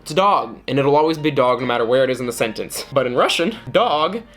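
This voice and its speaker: A man chatting through a dating story to camera, animated and jokey. He keeps leaping up into high mock voices mid-sentence, and faint music hums underneath. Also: quick pace. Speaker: vlogger telling a dating story.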